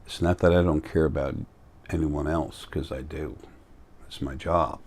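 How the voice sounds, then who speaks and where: A man's voice: extremely low pitch, fairly even intonation, unhurried, darkish tone. A tired man talking bluntly and rambling in a casual monologue to camera, defiant and plain-spoken. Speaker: vlogger.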